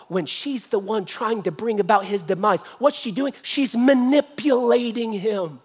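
A male pastor preaches to his church. He tells the story in an animated, joking way and slips into voices. His voice sits fairly high for a man. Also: unhurried, few pauses, slightly rough. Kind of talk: sermon.

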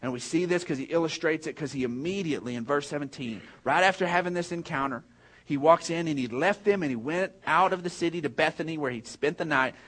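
A man's voice: on the high side, quick pace, a bit bright. A man preaching a sermon as pastor, telling a funny personal story and then making an earnest point to the congregation.

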